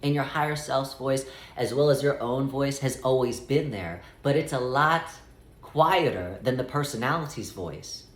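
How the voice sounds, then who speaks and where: A man giving a spiritual guidance talk, speaking as "we" in a measured way and stretching out key phrases. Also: mid-range voice, a bit bright, roomy sound. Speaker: spiritual teacher.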